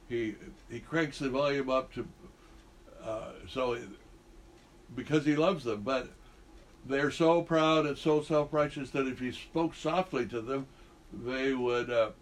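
A man leading a group Bible study, talking conversationally and quizzing the group with questions. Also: mid-range voice.

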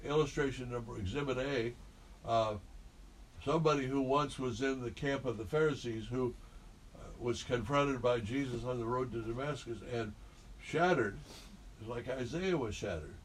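A man's voice: mid-range voice, normal speed, slight background noise. A man leading a group Bible study, talking conversationally and quizzing the group with questions.

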